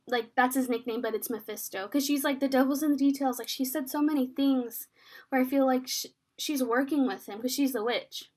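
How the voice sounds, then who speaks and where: A woman's voice: sits high, brisk, darkish tone. A woman co-hosting a casual chat, animatedly retelling a TV episode and acting out quoted lines. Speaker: podcast co-host.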